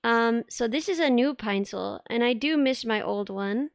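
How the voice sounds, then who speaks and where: A woman's voice: on the high side, moderate pace, creaky, clear, resonant tone, no echo, studio quality. A young woman VTuber chatting casually on a live stream, giggly and rambling with lots of filler words.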